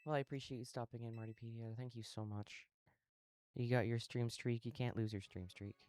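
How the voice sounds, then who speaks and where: A man live-streaming a game, chatting casually with viewers while he plays, relaxed and a little sleepy. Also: mid-range voice, fairly quick. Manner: relaxed, talks to chat while playing, yawning.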